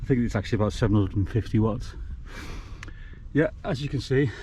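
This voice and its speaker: A man's voice: medium pitch, a little fast, mellow, a little hiss or hum. Chatty man tinkering with a bike. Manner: chatty, self-mocking, blunt. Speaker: DIY e-bike vlogger. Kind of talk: casual workshop vlog.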